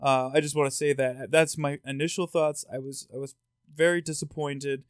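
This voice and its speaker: A man co-hosting a podcast, telling stories in an animated, rambling way with many restarts. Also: mid-range voice, moderate pace, clear, resonant tone, no room sound, studio quality. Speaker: podcast co-host. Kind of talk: casual podcast chat.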